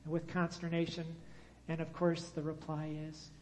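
A man's voice: on the high side, monotone, normal speed, slight background noise. A man preaching a sermon and drawing his congregation into call-and-response. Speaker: pastor. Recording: long hall reverb.

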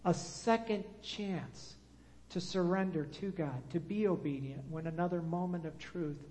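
A male pastor with a notably high voice delivers a sermon at an unhurried pace. He talks directly to the congregation and leads them in call-and-response. His voice rings out with a long reverb, as if in a large church hall. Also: darkish tone, slight background noise.

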